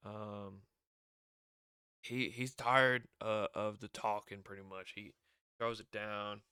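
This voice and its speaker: A man's voice: mid-range voice, slow, fairly bright tone, smooth, dry recording, studio quality. A man giving a rambling, casual recap as a show reviewer, often acting out quotes. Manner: rambling, acts out wrestlers' lines in raised voice.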